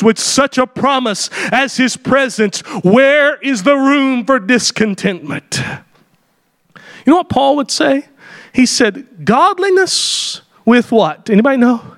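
High-voiced preacher man, often shouting. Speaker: pastor. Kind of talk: sermon.

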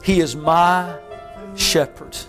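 A male preacher, delivering a sermon that rises into shouted, fervent preaching. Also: on the high side, steady tone, slow pace, faint music behind.

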